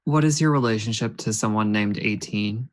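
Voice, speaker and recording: Brief: hesitant man at the game table, lower voice. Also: normal speed. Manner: hesitant, filler-heavy. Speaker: player. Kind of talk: casual play.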